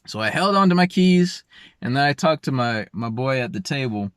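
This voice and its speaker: A young man casually telling a personal story in an emotional, animated way with slangy, informal speech. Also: mid-range voice, moderate pace, smooth, no echo, clean studio sound.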